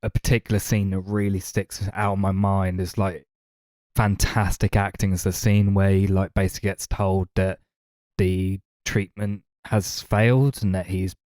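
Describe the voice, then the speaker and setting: Deep, flat-voiced man, measured. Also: dry recording, clean studio sound. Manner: measured, earnest, hedging with "kind of" and "I guess". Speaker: podcast co-host. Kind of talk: casual film discussion.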